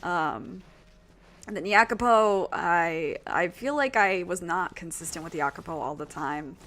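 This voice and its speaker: A woman's voice: on the low side, measured pace, a bit bright, slight background noise. A woman streaming a video game and chatting casually with viewers, rambling and self-deprecating, with lots of fillers. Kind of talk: casual gaming stream chat.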